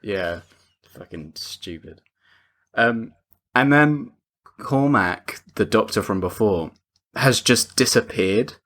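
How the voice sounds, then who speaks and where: A man's voice: on the low side, animated, slow pace, pauses often, a bit bright. A man co-hosting a podcast who recaps film scenes in loose casual chat and often chimes in with agreement. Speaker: podcast co-host.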